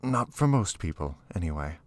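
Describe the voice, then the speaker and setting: A man reading aloud, voicing a weak, wounded young woman with a raspy voice and an imperious tone. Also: low voice, sing-song, moderate pace, a little mellow, no room sound.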